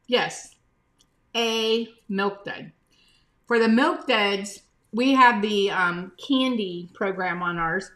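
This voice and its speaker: Speaking slowly in a medium-pitched, slightly bright voice, a woman hosts a relaxed live stream. She greets viewers by name, shows items to the camera, and occasionally talks with her mouth full.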